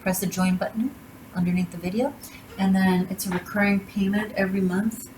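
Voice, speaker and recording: A woman's voice: medium pitch, fairly even intonation, brisk, roomy sound, noisy background. A woman giving a tarot reading and handing out blunt, emphatic advice. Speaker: tarot reader.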